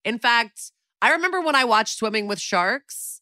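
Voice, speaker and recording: Excitable, foul-mouthed woman podcast host. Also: fairly high pitch, moderate pace, dry recording, clean studio sound. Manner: excitable, swears freely. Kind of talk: casual chat.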